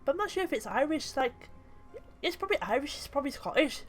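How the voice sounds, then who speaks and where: A woman's voice: sits high, very animated, fast talker, soft background music. A British woman casually commenting on tabletop game memes, chatty and swearing freely. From Britain. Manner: chatty and swearing, trailing off mid-thought. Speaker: YouTuber reading memes.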